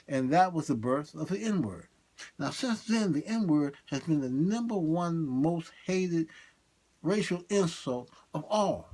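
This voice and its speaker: A man doing a comic monologue, swinging between high excited bursts and low muttered asides. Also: measured pace. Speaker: stand-up comedian.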